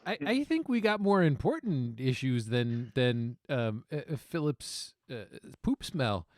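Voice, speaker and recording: A man's voice: mid-range voice, big pitch swings, a little slow, no room sound, studio quality. A man hosting and playing in a tabletop game, talking casually with hesitant restarts. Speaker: host and player.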